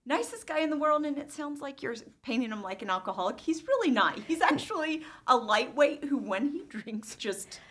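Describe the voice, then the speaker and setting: A middle-aged mother sits in as a podcast guest, her voice fairly high for a woman. She talks in a wry, teasing way, poking fun at her husband's antics. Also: animated, moderate pace, hardly any pauses, a bit bright. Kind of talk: casual chat.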